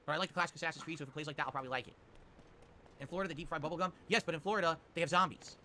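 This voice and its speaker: A man streaming live, answering chat questions with quick, opinionated rants. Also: a little high, sharp tone, slight background noise. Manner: rapid, opinionated ranting. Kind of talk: livestream chat reply.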